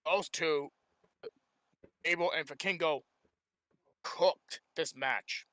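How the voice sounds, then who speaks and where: A young man co-hosting a wrestling podcast, chatting casually, excitable and swearing freely. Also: a little high, slow pace, no room sound. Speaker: podcast co-host. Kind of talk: casual chat.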